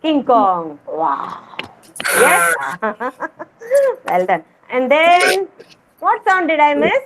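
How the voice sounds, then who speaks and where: A woman teaching a kindergarten class over a video call, coaxing the children with sing-song, repeated questions. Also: sits high. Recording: noisy video call audio.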